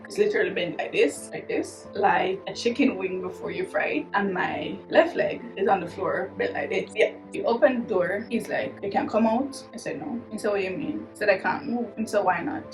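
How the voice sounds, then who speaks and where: A woman's voice: mid-range voice, normal speed, hardly any pauses, music in the background, poor audio. A young woman with a Jamaican accent telling a personal story in a casual vlog, acting out the voices of the people in it and laughing as she goes. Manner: animated, acts out dialogue, laughs through the telling. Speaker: vlogger telling her story.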